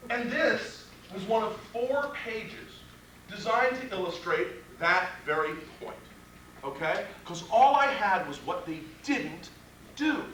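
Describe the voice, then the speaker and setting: A criminal defense trial instructor speaks slowly in a high, expressive voice with a sharp tone. Leading a live workshop for trial lawyers, he's blunt and profane and keeps posing rhetorical questions. The training room is echoey, with an audience, and recorded from a distance with slight background noise.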